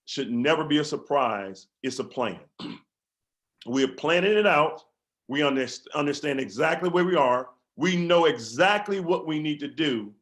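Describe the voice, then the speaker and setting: A man's voice: mid-range voice, a bit bright. A man, a company field leader, giving a fervent motivational speech on a video call, repeating his exhortations and stumbling into restarts.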